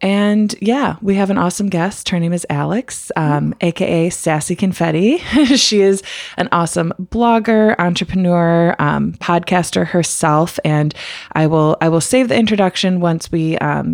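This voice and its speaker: A woman's voice: fairly low pitch, gravelly, darkish tone, dry recording, clean studio sound. A woman hosting a podcast, upbeat with many fillers, chatting and then telling a story. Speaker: podcast host. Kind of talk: casual chat and storytelling.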